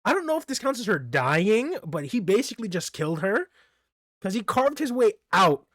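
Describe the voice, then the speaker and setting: A man's voice: high voice, big pitch swings, moderate pace, a bit bright, no echo, studio quality. A man recapping manga chapters in a casual solo talk, rambling, laughing often and stumbling over names. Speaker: manga reviewer.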